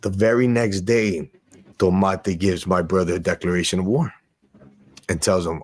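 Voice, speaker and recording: Deep-voiced man telling a story. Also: moderate pace, long pauses, slightly rough. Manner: animated storyteller who acts out quoted dialogue; street slang, loose and profane. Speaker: interview guest. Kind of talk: casual storytelling interview.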